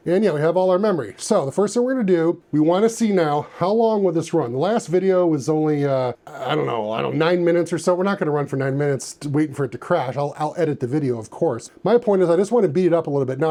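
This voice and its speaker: A man's voice: fairly high pitch, mellow. A man hosting a casual hands-on vlog in his home office, chatting and rambling with self-deprecating asides while he works on a computer. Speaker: retro computer channel host.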